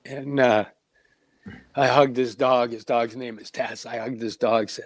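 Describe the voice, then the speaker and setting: A man's voice: medium pitch, little pitch movement, unhurried, no room sound. Man, earnest storyteller, casual podcast talk, dry sound. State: getting emotional.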